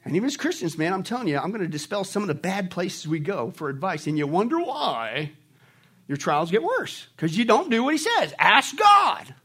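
Lively high-voiced male preacher. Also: normal speed, breathy edge. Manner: animated, rhetorical questions, mock voices. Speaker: pastor. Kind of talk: sermon.

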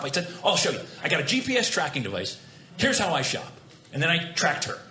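A man's voice: on the high side, wildly swooping pitch, fast talker, sharp tone, echoey room, slight background noise. An older man doing stand-up comedy, telling a story and quoting both sides of an argument.

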